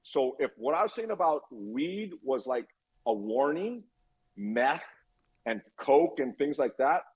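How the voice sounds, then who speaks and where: Speaking slowly at medium pitch with a breathy edge, a man in his fifties shares a story on a podcast; the recording has its highs cut off. He's animated, acts out the dialogue, and swears frequently.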